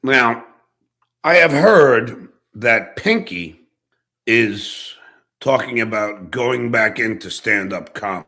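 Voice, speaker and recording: Gravelly, brash male live streamer. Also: medium pitch, lively intonation, bright, forceful tone. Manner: brash, taunting, drawn-out phrasing. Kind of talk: rambling live stream talk.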